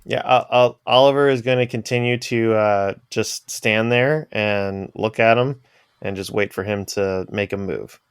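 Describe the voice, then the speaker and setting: A man's voice: fairly low pitch, steady tone, measured pace, clear, resonant tone, no room sound. A man narrating his character's moves in a tabletop game, hesitant and laughing often. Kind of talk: casual tabletop role-play.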